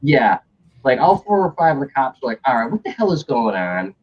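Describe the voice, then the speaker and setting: A young man tells a wild story and acts out everyone in it as he goes, swearing freely. His voice is a little husky and swings high and low. The stream audio is dull and lo-fi. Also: brisk. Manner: animated, acts out other people's lines, swears freely. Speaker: stream host telling a story. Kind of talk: casual storytelling chat.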